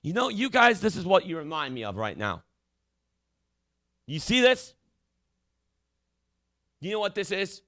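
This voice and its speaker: A man's voice: high-pitched, sing-song, unhurried, long pauses, pushed and bright, no room sound. A man hosting a mock call-in show, ranting in an indignant, preachy way and stammering often. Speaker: comedy call-in show host.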